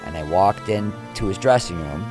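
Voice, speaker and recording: A middle-aged actor with a low voice speaks at a normal pace over loud music. Appearing as a podcast guest, he shares candid behind-the-scenes stories and animatedly acts out what other people said.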